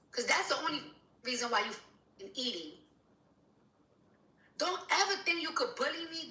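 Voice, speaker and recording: A woman's voice: sits high, pushed and bright, reverberant, distant mic, poor audio. A woman rapper in an angry, profane rant on social media, repeating herself as she scolds someone.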